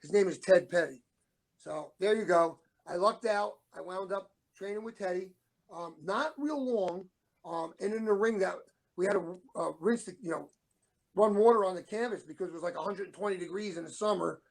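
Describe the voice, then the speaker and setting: Gravelly high-voiced man telling stories. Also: moderate pace. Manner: rambling anecdotes, acts out quoted dialogue. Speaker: show co-host, former wrestler. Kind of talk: casual storytelling.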